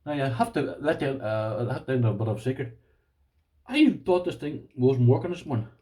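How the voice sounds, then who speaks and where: A middle-aged Irish man chatting casually to camera about his lock collection, self-deprecating and quick to laugh. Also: mid-range voice, lively intonation, warm tone, distant mic, rough recording. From Ireland. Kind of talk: casual vlog chat.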